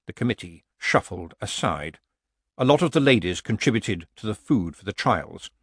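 Husky male storyteller, very lively pitch. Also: normal speed, dry recording, studio quality. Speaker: audiobook narrator. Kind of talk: storytelling narration.

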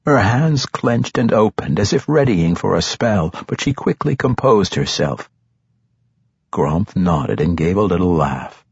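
A male narrator reads a fantasy audiobook slowly and expressively, with a lively, rising and falling delivery. His lowish voice is very husky. The recording is dry and dull, with a lo-fi sound. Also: no echo. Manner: measured, expressive storytelling.

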